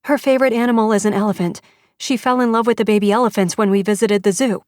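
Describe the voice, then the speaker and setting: A woman voicing a desperate, frightened mother who speaks in a rushed, raised, anguished way. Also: medium pitch, fairly even intonation, a little mellow, dry recording, clean studio sound, pitched above the performer's own voice, lightly acted.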